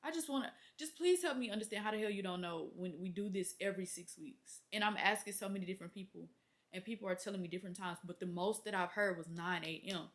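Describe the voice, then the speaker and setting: A young woman, a nurse, venting casually to camera, exasperated and animated as she acts out conversations. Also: mid-range voice, fast. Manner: exasperated, animated storytelling with acted-out quotes. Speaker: labor and delivery nurse, vlogger.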